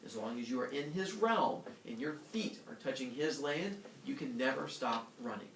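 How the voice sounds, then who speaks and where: A man putting on a jealous queen goddess, speaking in a mock-menacing, quieter tone as she lays a curse. The sound is roomy and picked up from some distance. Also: mid-range voice, expressive, normal speed, slight background noise. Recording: echoey room from a distant mic.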